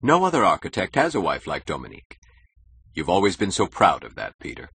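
A man voicing a suave, scheming male critic who talks in a smooth, condescending, measured way. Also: deep voice, wildly swooping pitch, a bit bright, a little hiss or hum, exaggerated voice. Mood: sly.

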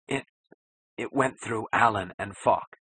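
A male narrator voicing a feverish, panicked male newspaper editor in a cracked, hoarse whisper. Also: on the low side, slow pace, pushed and bright, pitched above the performer's own voice, heavily acted. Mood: stammering.

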